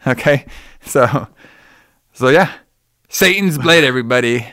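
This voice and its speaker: A man's voice: medium pitch, unhurried, no room sound, studio quality. A man casually recapping a movie plot as a podcast co-host, swearing freely and acting out the characters' lines. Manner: profane, animated storytelling with quoted voices.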